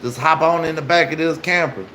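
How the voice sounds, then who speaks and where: A man voicing a soft-spoken stranger who keeps coaxing teenagers into his camper. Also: fairly high pitch, fairly quick, slight background noise, voice pushed up, low-quality recording. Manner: wheedling, persistent.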